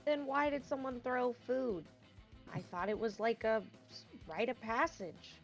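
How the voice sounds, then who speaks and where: A woman's voice: a little high, unhurried, lo-fi sound. Brief: a woman playing an earnest teen boy, stammery, faint music under. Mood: puzzled. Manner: hesitant, stammering. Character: earnest overwhelmed teen boy club head.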